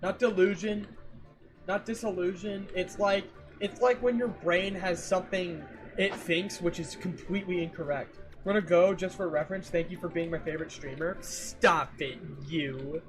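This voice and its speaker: A man streaming and chatting casually with viewers, ranting in an animated, exasperated way and repeating himself for emphasis. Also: high voice, unhurried, music in the background. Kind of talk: casual livestream chat with viewers.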